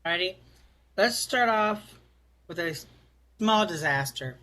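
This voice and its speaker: A man with a high, bright voice spins a story off the cuff for a podcast panel. He talks casually and with animation, leaning on fillers. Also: expressive, slow pace. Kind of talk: improvised storytelling.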